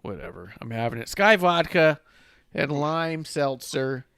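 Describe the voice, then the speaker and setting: A man's voice: on the high side, lively intonation, unhurried, fairly bright tone, smooth, dry recording, clean studio sound. A young adult man from the United States hosting a casual wrestling podcast, joking loosely and drinking on air. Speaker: podcast host.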